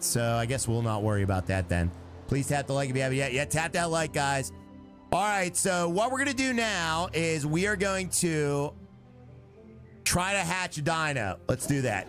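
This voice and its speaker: A man doing live gameplay commentary, excitable and chatty, reacting out loud and talking to his chat as he plays. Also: on the high side. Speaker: live streamer.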